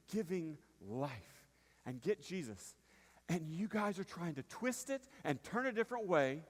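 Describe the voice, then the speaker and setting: A man preaching a conversational sermon as pastor, dropping to a hush then rising to emphatic points and checking in with the congregation. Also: on the high side. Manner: conversational preaching with frequent "right?" asides, swinging from hushed to emphatic. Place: church sanctuary. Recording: long reverb of a church hall.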